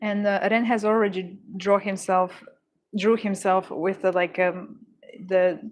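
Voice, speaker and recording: A woman's voice: medium pitch, level tone, measured pace, a little hiss or hum. A woman chatting casually while working on orders, easily startled, laughing often and correcting herself as she talks. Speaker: crafting livestreamer.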